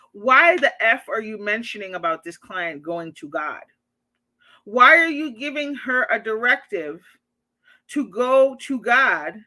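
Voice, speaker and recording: Woman, therapist vlogger. Higher-pitched voice with a sharp edge, blunt, indignant, swears a lot. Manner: indignant ranting. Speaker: therapist reacting to a social media post. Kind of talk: reaction vlog commentary.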